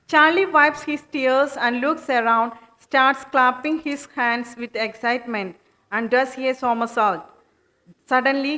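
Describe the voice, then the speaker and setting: A woman narrates a children's puppet show with a high voice. She tells the story slowly and clearly, step by step. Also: sharp tone.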